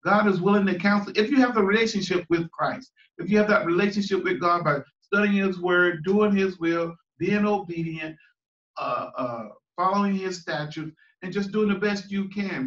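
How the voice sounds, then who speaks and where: A man's voice: sits high, fairly bright tone. A man, a pastor, preaching in a plain-spoken, conversational way to a choir Bible study in a church, stressing and repeating his key phrases. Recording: echoey room, voice far from the mic, dull sound.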